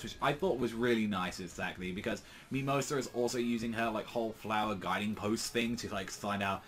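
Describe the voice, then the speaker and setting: A man's voice: on the low side, fairly quick, few pauses, fairly bright tone, faint music behind. A man casually recapping a manga chapter, rambling with many fillers and some crude asides. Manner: rambling, heavy use of fillers, profane asides. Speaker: manga reviewer.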